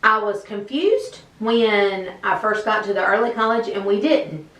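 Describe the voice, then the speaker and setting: A woman's voice: mid-range voice, expressive, a little slow, a bit bright. A woman teacher answering interview questions in a conversational way, with frequent fillers. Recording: echoey room, mic at a distance.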